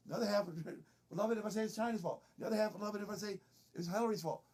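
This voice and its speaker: A man's voice: high-pitched, racing, a little mellow. A middle-aged man doing an improvised comedy monologue, boastful and rambling.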